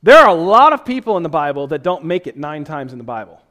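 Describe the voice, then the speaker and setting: A man's voice: fairly high pitch, very animated, fast, sharp tone. A man pastor giving a sermon, reading scripture aloud and then explaining it in a loose, conversational way with self-deprecating asides.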